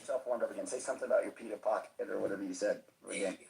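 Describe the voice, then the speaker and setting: Man, fast talker, podcast co-host, egging friends on. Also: on the low side, fairly even intonation, vocal fry, a little mellow, slight background noise, rough recording. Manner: rapid, egging others on. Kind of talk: casual chat among friends.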